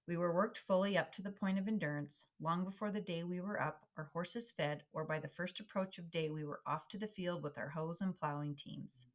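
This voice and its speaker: Woman reader, low voice, measured and expressive delivery of a historical memoir. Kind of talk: reading a historical memoir aloud.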